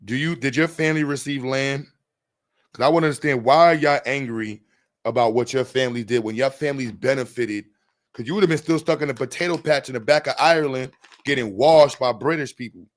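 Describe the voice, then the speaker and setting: A man with a New York accent hosting a podcast, bantering fast and swearing as he jokes. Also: mid-range voice. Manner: profane, joking, rapid banter. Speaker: podcast host. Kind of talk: casual chat.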